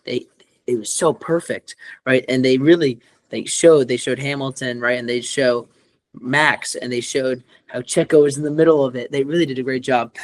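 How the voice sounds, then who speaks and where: A man's voice: mid-range voice, steady tone, moderate pace, no echo. A man co-hosting a podcast in casual chat, rambling with lots of fillers and restarts. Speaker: podcast co-host.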